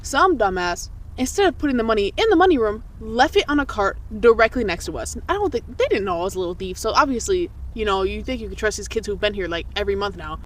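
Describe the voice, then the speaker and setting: A young woman co-hosting a podcast, telling childhood stories in casual chat, swearing freely and jumping up in pitch when she quotes people. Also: expressive, quick pace, few pauses. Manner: swearing, laughing, jumps high for quoted voices. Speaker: podcast co-host.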